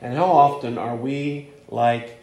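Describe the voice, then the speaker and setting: A man preaching a sermon, hushed in prayer and rising to emphatic points. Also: mid-range voice, steady tone, takes it slowly, roomy sound. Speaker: pastor.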